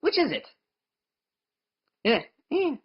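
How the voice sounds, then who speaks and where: A woman's voice: high-pitched, big pitch swings, takes it slowly, lo-fi sound. A woman hosting a heated online debate, aggressive and mocking, hurling insults and talking over her opponent. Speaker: debate host.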